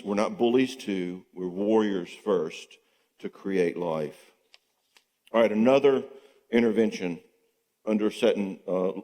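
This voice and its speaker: A middle-aged man giving a conversational teaching talk at a marriage conference, acting out spouses' lines. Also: lowish voice. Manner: animated, acts out spouses' dialogue. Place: church hall. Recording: long reverb in a church hall.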